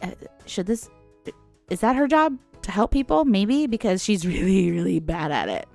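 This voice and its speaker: A woman in her forties tells a rambling story on her podcast, laughing between lines and acting out what people said. Her voice swings up and down constantly. Soft music plays faintly behind her. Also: medium pitch, normal speed, creaky. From United States. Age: 40s. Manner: animated, chatty, laughs often, acts out quotes. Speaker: podcast host. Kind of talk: casual storytelling monologue.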